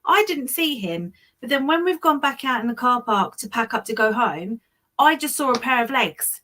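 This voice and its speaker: A woman with a Southern English accent, her voice sitting a touch high. She tells her stories as a guest in a chatty, self-deprecating way, tripping over a word now and then. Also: expressive, normal speed, pushed and bright, a little hiss or hum. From Hemel Hempstead, England. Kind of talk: casual storytelling chat.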